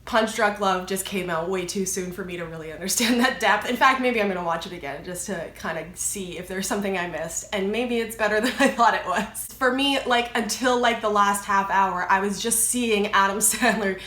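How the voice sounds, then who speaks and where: A woman's voice: medium pitch, moderate pace, hardly any pauses, fairly bright tone. A young adult woman vlogging a casual movie review, chatty and rambling, with lots of filler words. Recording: echoey room.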